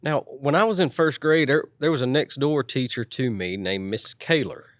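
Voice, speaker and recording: A man's voice: medium pitch, normal speed, no echo, studio quality. A man co-hosting a podcast who chats casually, chiming in with short questions and remarks. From Cleveland, Tennessee. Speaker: podcast co-host. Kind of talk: casual chat.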